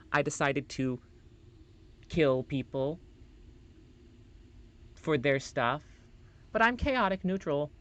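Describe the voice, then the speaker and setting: A man's voice: fairly high pitch, a bit bright. A man streaming a role-playing game, rambling loosely through his commentary, swearing casually and reading the on-screen text aloud.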